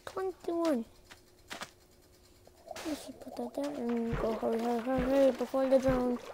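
A woman's voice: sits high, fairly even intonation, a little slow, background noise. A woman casually commenting to herself while playing a building game, playful and silly, recorded on a phone. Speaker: gameplay video creator.

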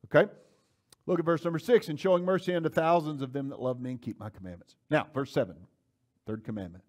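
A male pastor with a fairly high voice leads a Bible study class. He teaches with animated, forceful emphasis and keeps checking in with his listeners. He reads scripture aloud in solemn, old-fashioned wording. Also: fast talker.

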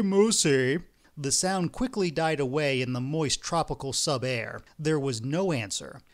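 Man reading a novel aloud. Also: on the high side. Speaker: audiobook reader. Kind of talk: audiobook narration.

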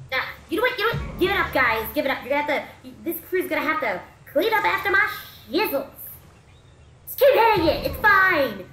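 Bright, lively VTuber woman chatting while gaming. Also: high-pitched, echoey room, slight background noise. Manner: chatty, goofy, swears and jokes to herself. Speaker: VTuber streamer. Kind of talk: gameplay commentary.

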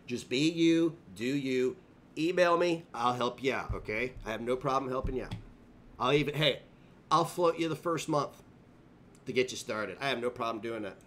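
A man's voice: mid-range voice, normal speed, fairly bright tone, a little hiss or hum. A male live streamer delivering a profane, confrontational rant full of taunts. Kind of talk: livestream rant.

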